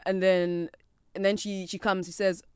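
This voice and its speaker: A young South African woman, a podcast guest, telling a story in a casual, animated way and acting out the voices of the people in it. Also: mid-range voice, normal speed, clean tone, no echo, studio quality. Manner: lively, acts out quoted voices, laughs often, code-switches.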